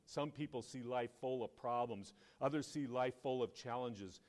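Male preacher, mid-range voice; conversational sermon with call-outs and sudden loud emphasis. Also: mid-range voice, normal speed. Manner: conversational storytelling, asks the congregation questions. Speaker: pastor.

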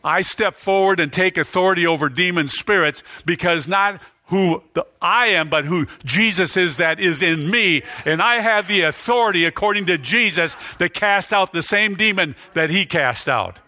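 A male preacher delivering a sermon, emphatic, repeating lines for stress and building to near shouts. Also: sits high, normal speed, few pauses, no echo.

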